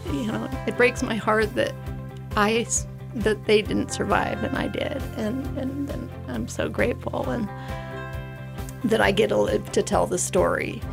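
A woman with a gravelly, fry-edged voice at a middle pitch, recalling her experience as a guest in a studio. She talks freely and rambles, doubling back and restarting her sentences, with faint music under her voice. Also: measured pace. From United States. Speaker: interview guest, avalanche survivor. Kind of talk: emotional personal storytelling.

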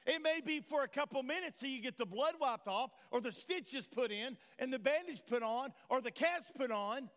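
Man, pastor, sermon, very high-pitched, impassioned, long church reverb. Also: animated, moderate pace, hardly any pauses, fairly bright tone. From Tennessee, USA. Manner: impassioned preaching with rhetorical questions to the congregation. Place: church sanctuary.

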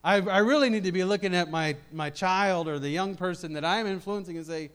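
A pastor preaches to a congregation in a high, clean-toned voice, speaking briskly with few pauses. He swings between quiet, reflective passages and loud, emphatic ones, often repeating words as he builds.

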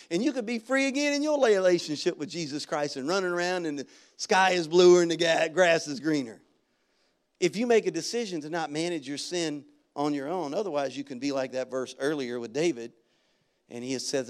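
A male pastor delivering a sermon with a fairly high-pitched voice. He preaches in a loose, storytelling way with casual slang and now and then breaks into loud, energetic shouts. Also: a little fast. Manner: animated preaching that jumps into loud shouted bursts. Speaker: guest pastor.

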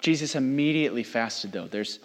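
A young man preaching a sermon, reading scripture and then talking in an animated, teasing way, acting out people he quotes. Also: medium pitch, moderate pace. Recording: long hall reverb.

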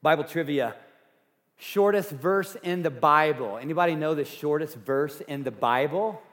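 A man preaching a sermon as pastor, earnest, going from loud emphasis to hushed softness. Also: on the high side, moderate pace, big-room sound. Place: church sanctuary.

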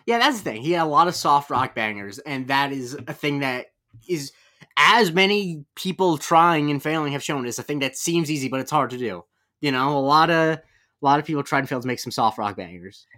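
A man's voice: a little high, expressive, fairly quick, bright, forceful tone. A man co-hosting a podcast, recapping a TV episode in casual, rambling chat full of fillers and self-corrections. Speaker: podcast co-host.

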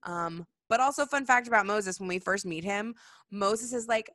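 A woman's voice: medium pitch, moderate pace, no echo, studio quality. A young woman chatting casually and explaining holidays, telling stories with lots of "like", laughing and acting out voices. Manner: animated storytelling, acts out voices, frequent "like" and laughs. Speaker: guest explaining Jewish holidays. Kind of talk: casual chat.

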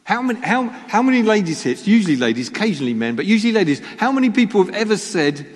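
Guy preaching a sermon, pitch a bit high, bounces all over, lots of rhetorical questions, echoey church hall. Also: very animated, racing. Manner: self-deprecating humor, rhetorical questions. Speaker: pastor.

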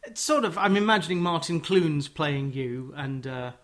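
A man's voice: on the high side, animated, noisy background. A man hosting a radio interview, playful and wordy, asking chatty questions. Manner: playful, wordy and quick-witted. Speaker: radio show host.

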